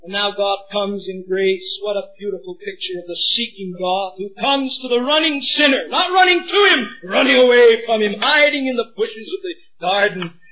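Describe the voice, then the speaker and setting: A middle-aged man preaching a sermon, swinging from hushed pleading to shouting. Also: sits high, moderate pace, lo-fi sound.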